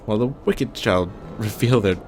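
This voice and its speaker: A man's voice: on the low side, moderate pace, darkish tone, soft background music, lightly acted. A man voicing a stern inquisitor from a fantasy game with a grave, stately, mock-Shakespearean delivery. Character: stern male inquisitor, older, judgmental.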